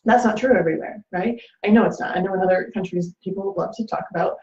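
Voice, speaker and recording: A woman's voice: medium pitch, quick pace, darkish tone. A woman talking through relationship advice in a casual, rambling way, full of fillers and acted-out quotes. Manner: chatty, many fillers, acts out quoted lines. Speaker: host. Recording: echoey room, dull lo-fi sound.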